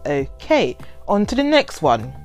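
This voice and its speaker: Woman chatting over soft music. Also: lowish voice, measured pace. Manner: animated, laughs often, playfully dramatic. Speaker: vlogger reading overheard quotes. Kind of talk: casual chatty commentary.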